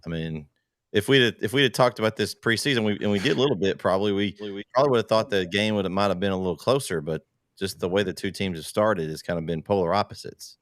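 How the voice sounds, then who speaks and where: A man's voice: lowish voice, fast talker, fairly bright tone, no echo, clean studio sound. A man co-hosting a sports show who presses the others with probing questions. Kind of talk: casual sports talk.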